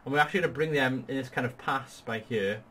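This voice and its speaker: A fast-talking gaming host from Wales, his medium-pitched voice a bit bright, explains a strategy battle to a partner with patience and upbeat energy. There's a little hiss or hum in the audio.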